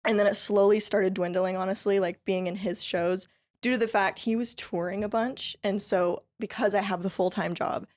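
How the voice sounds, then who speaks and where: A country fiddle player from California, USA guests on a podcast, telling stories in a casual interview in a chatty, upbeat way. She laughs often between phrases and fills her lively storytelling with "like" and "you know." Her mid-range voice moves at normal speed.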